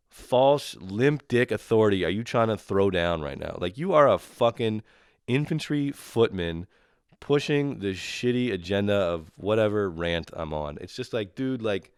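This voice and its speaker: A man's voice: fairly low pitch, expressive, measured pace, clean tone, dry recording, clean studio sound. A young man from Canada ranting casually and profanely, exasperated and mocking the people he describes. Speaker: comedian ranting solo. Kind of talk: casual comedic rant.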